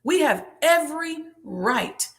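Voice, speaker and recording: Passionate high-voiced woman host. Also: expressive, takes it slowly, a bit bright. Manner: passionate, preachy, repeats phrases for emphasis. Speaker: business show host answering questions. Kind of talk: impassioned monologue.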